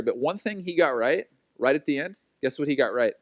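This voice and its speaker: A man in his forties preaching a sermon, telling personal stories in an animated, self-mocking way. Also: medium pitch, fast talker, hardly any pauses, no room sound. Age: 40s. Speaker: pastor.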